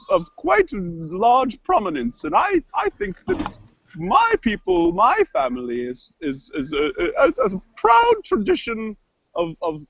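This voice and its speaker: A squeaky, wildly swooping woman chef on a morning cooking segment, as a man puts her on, proud of her family, touchy, and forever stalling mid-sentence. Her voice is strained and gravelly at the edges and very dry, like a close computer mic. The sound is dull and lo-fi. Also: no echo, exaggerated voice. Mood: offended. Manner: rambling, halting, stuck on filler words. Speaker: improv performer. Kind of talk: improvised comedy scene. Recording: dull lo-fi online call audio.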